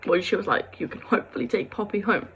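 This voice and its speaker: A woman's voice: medium pitch, fast talker, a bit bright, slight background noise, rough recording. Young woman telling a sad story. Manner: rambling, lots of "like" and quoted dialogue, sighs. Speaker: vlogger. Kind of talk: emotional storytelling to camera.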